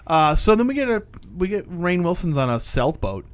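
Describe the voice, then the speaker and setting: An animated man in a casual podcast recap, his voice sitting a bit high for a man. He bounces into quick character impressions and swears freely as he tells the story. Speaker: podcast co-host.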